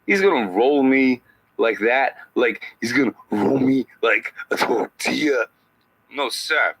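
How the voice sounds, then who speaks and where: A man doing a satirical impression of an older male actor as a podcast guest, speaking in halting phrases with odd pauses. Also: mid-range voice, expressive, fairly bright tone, heavily acted, rough recording. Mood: storytelling.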